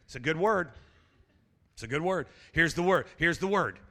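A male pastor preaches with a voice that swoops wildly up and down, stumbling over restarts before bursting into shouts. His bright, cutting tone rings out into the long reverb of a big hall. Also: a little high, normal speed. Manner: animated, stammering restarts, shouted exclamations, jokey asides. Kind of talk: energetic sermon.

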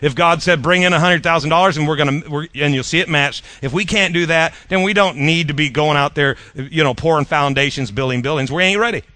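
A middle-aged male pastor delivers an animated sermon with a bright, forceful tone. His voice sits a little high, and he jabs playfully while stumbling over repeated words. The sound is dry and close. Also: fairly quick, hardly any pauses, no room sound.

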